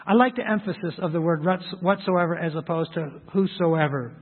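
A male pastor delivers a sermon in a conversational, emphatic way, slipping into quick acted asides. His voice sits high and a little husky. The sound is thin and phone-like, with a long reverb from a large hall.

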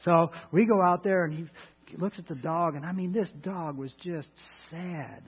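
A middle-aged man pastor telling a folksy, halting personal story in his sermon, voicing people with raised shouts. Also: on the high side, husky. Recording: echoey hall, phone-like sound.

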